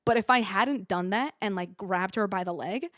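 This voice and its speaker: A woman's voice: medium pitch, normal speed, dry recording, studio quality. Chatty young woman telling a story. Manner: animated, rambling with many fillers. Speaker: streamer. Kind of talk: casual storytelling.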